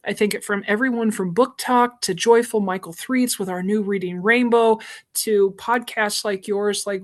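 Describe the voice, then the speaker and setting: A woman from the United States, a librarian and association president, talking enthusiastically in a podcast interview, often saying "like" and restarting phrases. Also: medium pitch. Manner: enthusiastic, chatty, many "like"s and restarts.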